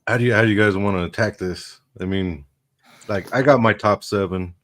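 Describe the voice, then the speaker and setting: A man co-hosting a casual live chat, laid-back and hesitant, pausing often with fillers. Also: fairly low pitch, a bit bright. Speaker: co-host.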